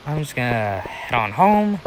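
A man's voice: medium pitch, very animated, unhurried, background noise. A young American man giving rambling, casual commentary while playing a farming game, talking to himself with many restarts. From United States. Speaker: gaming channel host.

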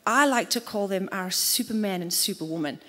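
A woman's voice: mid-range voice, brisk, a bit bright. A woman with a South African accent, speaking enthusiastically as she introduces the next speakers at a rally. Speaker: ministry staff, event host. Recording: reverberant hall.

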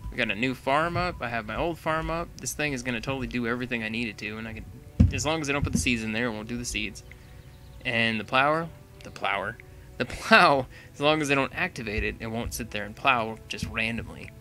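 A man's voice: mid-range voice, fast talker, sharp tone, soft background music. A young man giving casual, chatty commentary while playing a building game, thinking aloud and laughing often. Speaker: gaming channel host.

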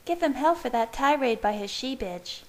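A woman's voice: sits high, expressive, moderate pace, voice pushed up. A woman reading fan fiction aloud, voicing a protective young vampire woman with a blunt, clipped manner.

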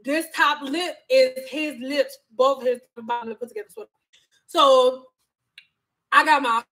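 Woman, thirties, high voice, casual vlog chat, frank, profane, joking, animated storyteller. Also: unhurried. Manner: animated storytelling with acted quotes. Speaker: vlogger.

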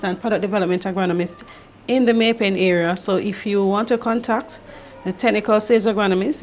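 A woman's voice: mid-range voice, a little hiss or hum. A woman moderating an online presentation, reading out viewer questions and contact numbers in a businesslike way. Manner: businesslike, reads numbers slowly and carefully.

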